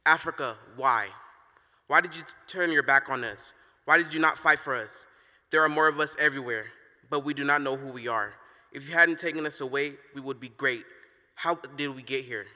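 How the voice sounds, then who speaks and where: A man's voice: medium pitch, moderate pace, sharp tone. A teenage boy performing a solemn spoken word poem on stage. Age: teens. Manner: solemn, declamatory. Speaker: youth slam poet. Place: theater stage. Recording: long reverb of a large venue.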